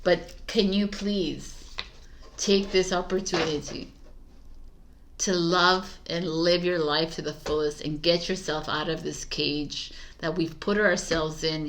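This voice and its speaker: A woman's voice: fairly low pitch, fairly even intonation, unhurried, a bit bright, slight background noise. A woman giving a casual tarot reading, chatty and emphatic, laughing often. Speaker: tarot reader.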